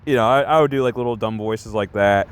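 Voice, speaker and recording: A man's voice: lowish voice, quick pace, clear, resonant tone. A man streaming live, chatting casually in a rambling, self-conscious way with many restarts. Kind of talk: casual livestream chat.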